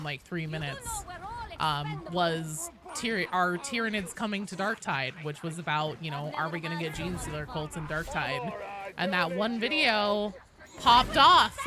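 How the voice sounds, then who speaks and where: A woman in her thirties talks to her live-stream chat while she plays, her pitch leaping around with animated energy. She is chatty and quick to joke, breaking into sudden loud outbursts. Steady game noise runs clearly behind her desk-mic voice.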